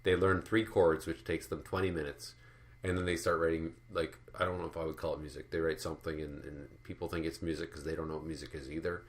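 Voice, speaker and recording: A man's voice: a bass voice, little pitch movement, fast talker. A man delivering a rambling, profane, sardonic rant as an art commentary vlogger. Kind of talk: ranting monologue.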